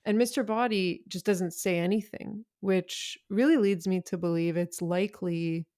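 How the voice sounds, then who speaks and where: A woman guest on a film podcast, talking casually and eagerly with quick asides. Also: medium pitch, mellow.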